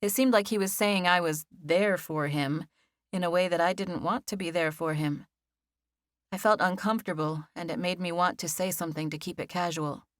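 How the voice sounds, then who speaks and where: A woman reading a first-person novel as an audiobook narrator, with measured, even storytelling. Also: fairly low pitch, dry recording, studio quality.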